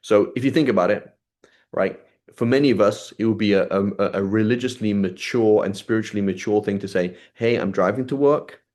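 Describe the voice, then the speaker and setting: A man with a fairly low, darkish voice and a British English accent teaches an Islamic studies class, lecturing on a classical text at a brisk pace. He keeps it loose and conversational, reading short Arabic passages and then paraphrasing them plainly, and he checks in with listeners often by asking "right?"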